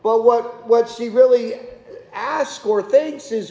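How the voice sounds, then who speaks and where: A pastor preaching a sermon in a chatty, conversational way, tossing rhetorical questions at the congregation. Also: male voice, extremely high pitch, slow pace, a little mellow. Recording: echoey hall with long reverb.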